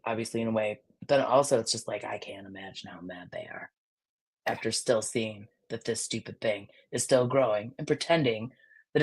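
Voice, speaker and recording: Raspy, heated, blunt podcast voice. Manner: blunt, heated, swings loud then low. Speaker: podcast co-host. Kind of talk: casual podcast chat.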